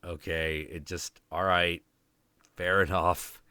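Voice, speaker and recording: A man in his twenties with a low, deep voice that still has a bright, forceful edge. He rants through a story with casual profanity, recorded dry and close. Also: flat delivery, slow pace, clean tone, no room sound. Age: 20s. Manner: profane, ranting, confrontational. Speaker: podcast host.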